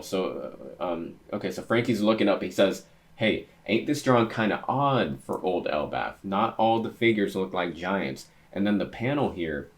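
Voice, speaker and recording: A young man reading a manga chapter aloud, thinking out loud and getting excited as he reacts to each panel. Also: fairly low pitch.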